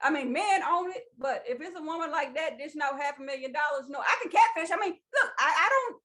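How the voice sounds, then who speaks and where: A woman comedian from Virginia chats as a guest and cracks quick, playful jokes. Her voice is high and swings widely in pitch. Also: expressive, sharp tone. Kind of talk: casual chat interview.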